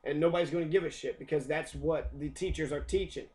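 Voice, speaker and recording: A man's voice: fairly high pitch, fast talker, darkish tone. A young adult American man delivering a heated, profane rant, often repeating himself. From United States. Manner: profane, heated, repetitive ranting. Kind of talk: angry rant.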